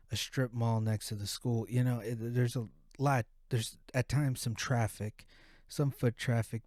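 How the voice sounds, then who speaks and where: A man's voice: mid-range voice, darkish tone, no room sound, studio quality. A man hosting a podcast who tells a profane, rambling story in a casual way. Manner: profane, rambling, full of restarts. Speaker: podcast host.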